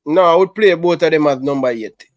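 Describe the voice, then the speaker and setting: A man's voice: fairly high pitch, fairly quick, no echo, faint music behind. A man with a Jamaican accent talking football as a guest, using patois grammar and hesitating often. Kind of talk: casual chat.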